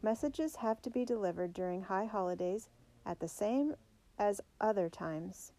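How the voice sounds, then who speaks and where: A stern male office manager talks in a flat, curt way, voiced by a woman reading aloud. His tone is mellow. He comes from a read-aloud storybook. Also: mid-range voice, moderate pace, lightly acted.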